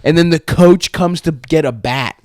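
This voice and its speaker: A man's voice: on the high side, normal speed, darkish tone, no room sound, studio quality. A man co-hosting a podcast, telling a crude story in a rambling way, with restarts and laughs. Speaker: podcast co-host. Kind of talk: casual storytelling chat.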